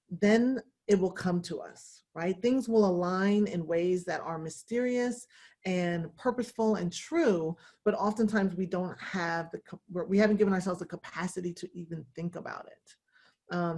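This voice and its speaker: A woman in her thirties, a guest on a video call, talking in a relaxed, encouraging way with playful asides. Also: medium pitch. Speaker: guest, law firm founder. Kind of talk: casual video-call interview.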